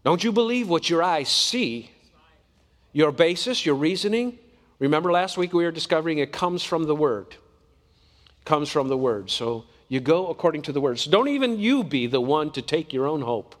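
A man's voice: on the high side, animated, moderate pace, big-room sound. A man preaching a sermon in an earnest, conversational way, often asking the congregation questions.

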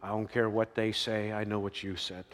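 A man preaches in a relaxed, talky way, pushing his voice up for emphasis and checking in with his listeners. His voice rings out with the long reverb of a large hall. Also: on the low side, moderate pace. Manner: conversational preaching with emphatic rises and "right?" asides. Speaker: pastor. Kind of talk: sermon.

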